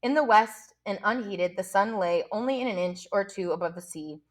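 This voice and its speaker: Woman reading a novel aloud, teacher, even pace, small slips, mid pitch. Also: moderate pace. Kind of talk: audiobook reading.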